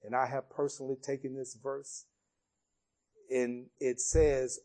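A man preaching a sermon, retelling a Bible story in an expressive storytelling way. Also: medium pitch, unhurried, pauses often.

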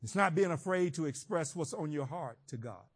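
A man preaching a sermon, swinging between shouted emphasis and quiet, reflective teaching. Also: on the high side, animated, normal speed.

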